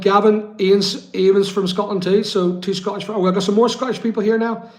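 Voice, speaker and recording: A man's voice: sits high, moderate pace, echoey room. Chatty man hosting a live stream. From West London. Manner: chatty, reads out comments, many ums. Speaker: livestream host answering viewer comments. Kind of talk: casual live chat.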